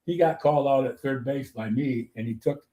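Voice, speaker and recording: An older man hosts a relaxed chat and tells stories from years of umpiring. He is chatty and laughs along with his own punchlines, in a middle-pitched voice. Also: brisk, highs cut off. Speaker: host, former softball umpire. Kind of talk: casual storytelling chat.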